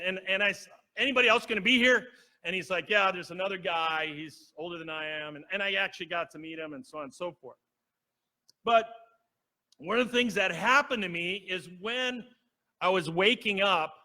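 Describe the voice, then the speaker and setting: Preacher, male, high and very bright, conversational storyteller. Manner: storytelling, acts out quoted voices, asks the congregation. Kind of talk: conversational sermon. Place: church sanctuary.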